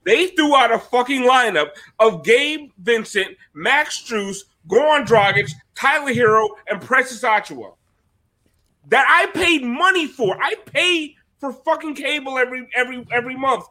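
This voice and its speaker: High, bright-voiced man ranting. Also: animated, normal speed. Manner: profane, heated, exasperated. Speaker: host. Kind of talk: post-game rant.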